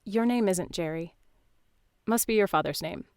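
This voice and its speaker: A woman narrating in second person, calm and measured, telling a dreamlike story. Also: lowish voice, smooth, dry recording.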